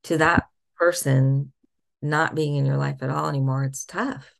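A middle-aged woman telling a personal faith story as a podcast guest, soft-spoken with thoughtful pauses. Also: low voice, steady tone, gravelly.

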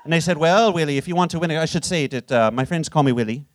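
A man's voice: a little high, quick pace, no echo, close to an everyday voice. A man playing a jovial, boastful old Irish poet with an Irish accent, on a live comedy stage, swinging between cheeky bragging and ponderous recitation. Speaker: guest. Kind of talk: live comedic character performance.

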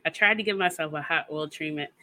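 Bright, chatty woman podcast host. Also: sits low, quick pace. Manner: chatty, self-mocking and giggly. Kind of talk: casual chat.

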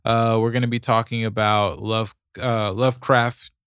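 Chill podcast dude, smooth clear voice, dry close mic, kinda rambly. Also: male voice, fairly low pitch, level tone, moderate pace, a bit bright, dry recording. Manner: laid-back, rambling with restarts. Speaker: podcast co-host. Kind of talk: casual movie podcast chat. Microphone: studio mic.

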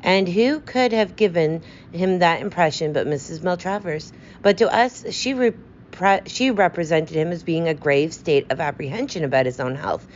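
A fussy, precise male detective with a clipped, self-assured manner, as a woman voices him in a storybook reading. The voice sits low. The recording is slightly dull, with a faint hiss behind it. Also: moderate pace, lightly acted. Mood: brisk.

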